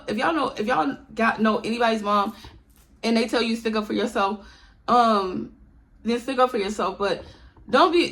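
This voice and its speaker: A woman's voice: on the high side, fairly bright tone. A young woman casually retelling a personal story to her viewers, chatty and talking to them directly as y'all, acting out what others said. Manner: acts out quoted dialogue. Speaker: storytime vlogger.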